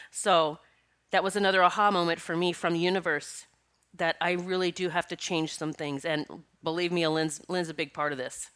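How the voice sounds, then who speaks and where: A middle-aged woman hosts a casual spiritual podcast in a lowish, fairly bright, smooth voice with a steady tone and moderate pace. Tearful and sniffling, she rambles emotionally and breaks into bursts of laughter between tears.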